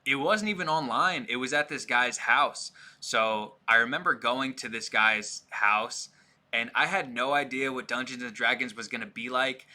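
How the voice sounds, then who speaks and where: A man's voice: mid-range voice, normal speed, sharp tone. A man hosting a podcast, telling a rambling, self-deprecating story in casual chat.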